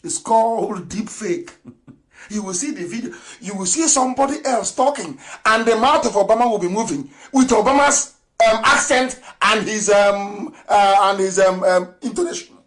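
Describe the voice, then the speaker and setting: A man hosting an impassioned political broadcast, swinging between loud declarations and low asides and laughing often. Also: lively intonation, moderate pace, low-quality recording. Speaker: broadcast host.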